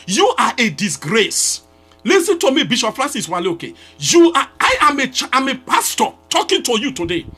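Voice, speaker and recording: A Nigerian pastor, a man with a Nigerian English accent, rails at his target in a fiery live address. His voice sits high and sharp, leaping up and down as he repeats his demands and breaks into shouts. Soft music plays underneath. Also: wildly swooping pitch, normal speed, breathy edge.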